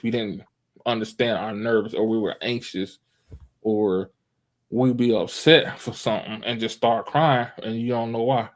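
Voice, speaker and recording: Man in his thirties podcast host, lively, acts out little quotes, chatty. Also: fairly low pitch, unhurried. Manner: animated, acts out quotes, restarts phrases. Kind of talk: casual podcast chat.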